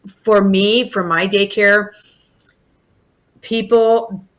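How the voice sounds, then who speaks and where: A woman in her forties, mid-pitched, speaking as a daycare provider in a relaxed podcast chat. She talks warmly and loosely, circling back with fillers and restarts as she explains. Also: drawn-out words. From Alaska. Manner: warm, chatty, many restarts and fillers. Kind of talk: casual podcast interview.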